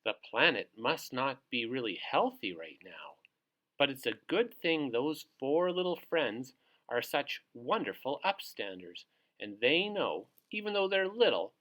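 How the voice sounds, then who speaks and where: A man's voice: mid-range voice, fairly bright tone. A male teacher hosting a children's read-aloud, cheerful and encouraging as he talks to little kids. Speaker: teacher reading to young children.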